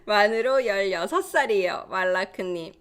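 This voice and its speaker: A woman in her thirties teaching Korean on a live stream, reading out viewers' comments and laughing often, slowing down to explain phrases. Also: mid-range voice, very animated, a bit bright. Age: 30s. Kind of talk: live-stream language lesson.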